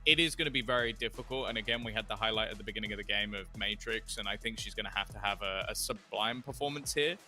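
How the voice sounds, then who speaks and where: A man giving animated studio desk analysis of an esports match, laughing and restarting often. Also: fairly low pitch, fast, hardly any pauses, soft background music.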